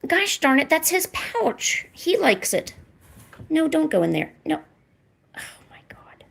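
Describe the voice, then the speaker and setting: A woman with a slightly high voice and a gravelly edge coaxes her cats in a casual, sing-song way, as if chatting during a stream. The room is echoey, and faint hiss sits under her voice. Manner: coaxing pet talk, often high and sing-song. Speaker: livestream host.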